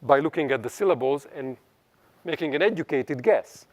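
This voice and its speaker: A man giving a scientific seminar lecture in an animated way, often checking in with tag questions. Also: medium pitch, moderate pace, muffled recording. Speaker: seminar speaker.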